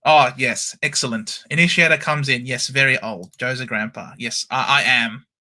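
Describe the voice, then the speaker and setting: A man hosting a live-stream football watchalong, calling the play with animated cheers and banter. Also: mid-range voice, moderate pace. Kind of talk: excited live sports commentary.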